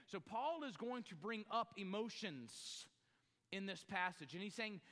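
A man with a high, bright voice preaches a sermon as pastor, pausing to explain what words mean and checking in with his listeners. His voice rings out with a long reverb, as if recorded in a large church hall. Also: lively intonation. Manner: explanatory, teaching word meanings with asides to the congregation.

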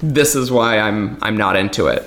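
A man's voice: fairly low pitch, moderate pace, a bit bright. A man who works as a magician, telling stories in a casual podcast conversation, candid, laughing often and swearing now and then. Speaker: magician guest.

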